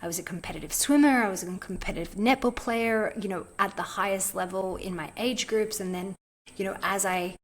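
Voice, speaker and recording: A woman's voice: mid-range voice, a little fast, a little hiss or hum. A woman with a mid-range voice tells a personal story as a podcast guest. She talks casually and chattily, and she fills her sentences with "like" as she animatedly recounts what happened. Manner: chatty, frequent "like" fillers, animated retelling.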